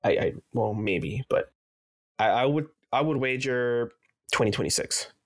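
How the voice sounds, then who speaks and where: A man's voice: medium pitch, measured pace. A man co-hosting a casual gaming podcast, rambling loosely and swearing freely. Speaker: podcast co-host.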